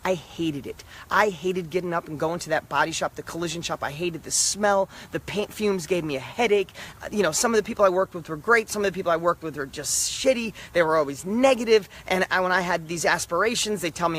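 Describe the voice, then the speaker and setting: A middle-aged man giving an emphatic, repetitive motivational talk, swinging between loud and soft. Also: high voice, a little fast. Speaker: motivational speaker.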